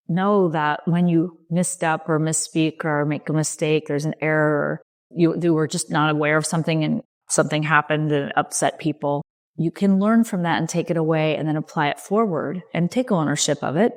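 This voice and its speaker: A middle-aged woman coach hosting a podcast, talking gently and reassuringly in short, unhurried phrases. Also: deep voice. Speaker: leadership coach and podcast host. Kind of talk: reflective solo podcast talk.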